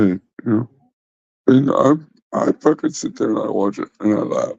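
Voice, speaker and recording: A man's voice: fairly low pitch, moderate pace, vocal fry, long pauses, a little mellow, no echo. A man hosting a casual livestream, rambling and swearing as he talks back to his chat. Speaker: livestream host. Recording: dull, lo-fi dry sound.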